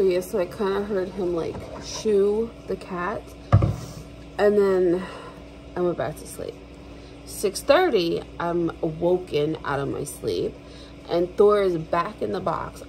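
Woman vlogger, ranting casually, gravelly voice, faint background hum. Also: on the low side, darkish tone, low-quality recording. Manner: ranting, swears freely, lots of fillers. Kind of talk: casual vlog storytelling.

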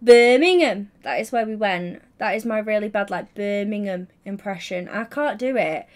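A young woman chatting casually to her livestream audience, giddy and bubbly but tired and yawning, on a headset mic. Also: medium pitch. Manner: giddy, bubbly and chatty, quick asides to chat.

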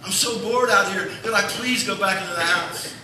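A man's voice: sits high, normal speed, sharp tone, slight background noise. A man voicing a young male dog who pleads and promises to behave. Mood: pleading. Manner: begging, sing-song pleading. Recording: echoey church hall from far off.

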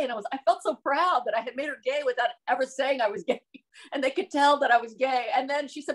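Animated, laughing woman from the American South. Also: high-pitched, quick pace. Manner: animated, laughs often, acts out quotes. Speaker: actress, interview guest. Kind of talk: casual interview chat.

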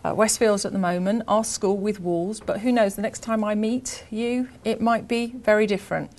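A woman's voice: medium pitch, fairly even intonation, normal speed, a little mellow. A middle-aged woman, a headteacher, giving a chatty, enthusiastic conference keynote in a conversational way.

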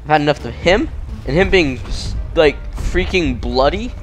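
Excitable young man narrating gameplay. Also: a little high, moderate pace, soft background music. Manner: excitable, yelps and shouts at jump scares. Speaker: gaming channel host. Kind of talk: casual gameplay commentary.

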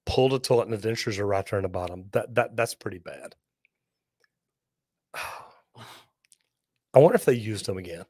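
A man hosting a live plumbing Q&A, telling lively folksy stories and joking as he reads viewer comments. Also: fairly low pitch, normal speed, long pauses, slightly rough, no room sound, studio quality. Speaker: plumber and show host.

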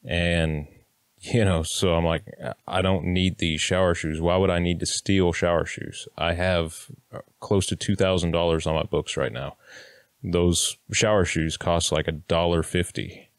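This deep-voiced man in his thirties, from Kansas in the United States, speaks a little slowly with fairly even intonation. He tells a personal story to camera in a blunt, plainspoken way, sometimes swearing and acting out what people said. The studio-quality recording is clean with no echo.

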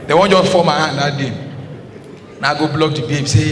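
A man's voice: fairly high pitch, a little fast. A Nigerian man telling a comic story in Pidgin at a stand-up show, often laughing as he talks. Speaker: stand-up comedian. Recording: echoey hall with clear noise.

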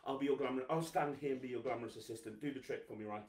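A man hosting a live children's magic show, energetic, coaxing and teasing as he gets the viewers to clap and cheer. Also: mid-range voice, rapid-fire, reverberant, recorded from a distance, background noise. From England. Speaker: host, magician.

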